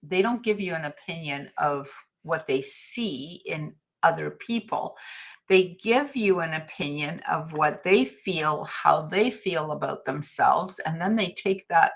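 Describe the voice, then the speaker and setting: Middle-aged woman, lowish voice, anecdotal livestream host with a chatty, laughing delivery. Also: measured pace, creaky. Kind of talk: casual motivational talk.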